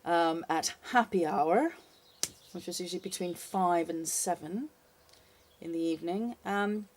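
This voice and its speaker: Low-voiced older woman telling a bar story. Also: a little slow. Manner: lively, animated, wry storytelling with fillers. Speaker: storyteller, former bartender. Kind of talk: casual spoken anecdote.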